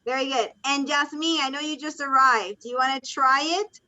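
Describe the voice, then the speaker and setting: Over a dull, lo-fi video call, a woman teaches English online in a high-pitched, bright, forceful voice at normal speed. She patiently calls on her students, encouraging them as she alternates between English and Spanish explanations.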